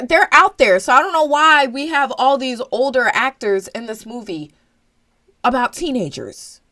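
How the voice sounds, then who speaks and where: Blunt, animated young American woman. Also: fairly high pitch. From United States. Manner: blunt, animated, swears casually. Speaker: show host. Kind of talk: opinionated commentary monologue.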